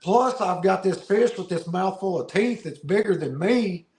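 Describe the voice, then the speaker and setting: A man guesting on a podcast, telling a fishing story in a casual, animated way, often laughing and repeating words. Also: sits high, normal speed. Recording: roomy echo.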